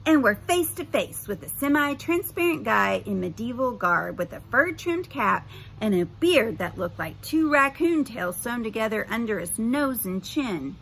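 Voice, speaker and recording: A woman's voice: medium pitch, lively intonation, moderate pace, vocal fry, a bit bright, slight background noise, rough recording. A woman reading a children's novel aloud for a library, friendly and chatty. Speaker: library storytime reader.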